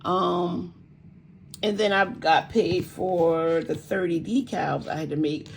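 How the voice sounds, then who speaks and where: An older woman talks warmly and casually, cheering her viewers on in a slightly gravelly voice with a little laughter. She sits at home by an open window, and a faint noise hums behind her. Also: lowish voice, fairly even intonation, takes it slowly. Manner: chatty, encouraging, laughs often. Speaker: budgeting vlogger. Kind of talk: casual vlog talk. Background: faint street noise, passing truck.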